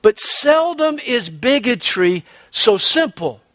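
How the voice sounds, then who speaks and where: A man's voice: very high-pitched, sing-song, slow, fairly bright tone, no room sound. A man preaching a sermon as pastor, emphatic, telling stories and quoting scripture. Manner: emphatic preacher telling a joke with quoted voices.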